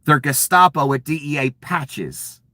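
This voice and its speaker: A man's voice: fairly high pitch, a little slow, sharp tone, no room sound. Male commentator, furious profane rant with sarcasm, dry close recording. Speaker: political commentator. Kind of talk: angry political rant.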